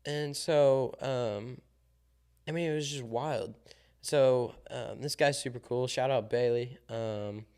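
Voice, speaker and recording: Young male podcast co-host, smooth clear voice, animated storyteller who acts out the dialogue. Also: medium pitch, slow pace. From Southern Illinois. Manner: animated storyteller, acts out quoted dialogue, many ums and likes. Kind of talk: casual chat.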